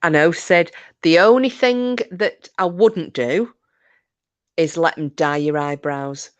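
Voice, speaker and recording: On her livestream, a middle-aged host with a lowish voice takes her time spinning funny, animated stories, laughing and throwing asides to her viewers in casual chat. The sound is lo-fi, with no room sound.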